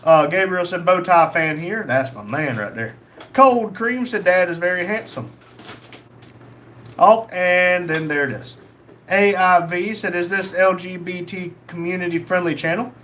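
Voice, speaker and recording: Young male streamer, higher pitch, reads chat casually, faint room noise. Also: unhurried, bright, forceful tone. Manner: reads chat messages aloud, jokey. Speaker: livestream host reading chat.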